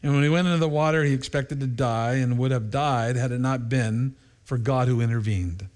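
A man preaching a sermon as a pastor, telling stories with lively energy, laughing often and jumping higher when acting out voices. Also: normal speed.

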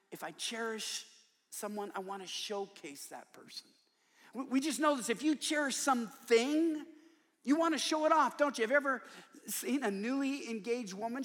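A man's voice: high-pitched, fairly bright tone, in a large hall. An older man preaching a sermon in a large church, telling stories with humor and emphasis. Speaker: conference speaker and author.

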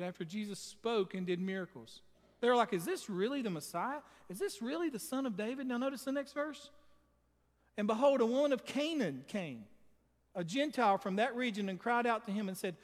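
A man with a high voice preaches a sermon emphatically, speaking straight to his congregation. The recording has a long reverb tail.

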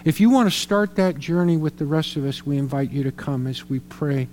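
A man's voice: fairly high pitch, brisk, a little mellow, big-room sound, slight background noise. A middle-aged man preaching a sermon as a pastor, telling a personal story earnestly and repeating words for emphasis. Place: church sanctuary.

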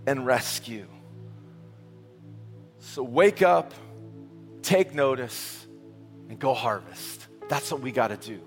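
A man preaching a sermon with energetic call-and-response delivery. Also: fairly high pitch, a little slow, faint music behind. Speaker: pastor. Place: church sanctuary. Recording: long hall reverb.

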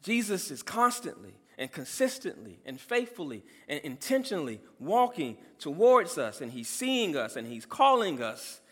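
A man preaching a sermon as pastor, emphatic, calling out some lines loudly. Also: fairly high pitch, big pitch swings, normal speed, hardly any pauses, big-room sound.

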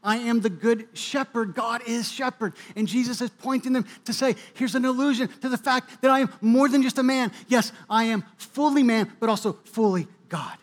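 A man's voice: very high voice, normal speed, few pauses. A male pastor delivering a sermon, preaching with bursts of emphasis and occasional restarts. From New England, US.

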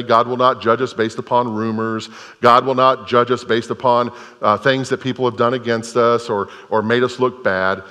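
A man preaches from the pulpit in a sanctuary, his lowish voice bright and forceful. He speaks earnestly and drives points home by repeating them. The sound rings with the long reverb of a large hall. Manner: earnest, repeats phrases for emphasis. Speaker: pastor. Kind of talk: sermon.

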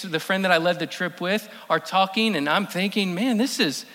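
A man preaching a sermon as pastor, emphatic, repeating key phrases and slowing down for stress. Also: high voice, pushed and bright. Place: church sanctuary. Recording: long reverb of a church hall.

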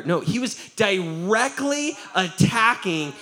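A man preaching with plenty of energy, his pitch leaping high when he acts out a scene. He tells stories, laughs along with them, then drops low and quiet for the serious parts. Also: measured pace. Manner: animated, laughs often, acts out quotes. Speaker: pastor. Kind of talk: lively sermon with storytelling.

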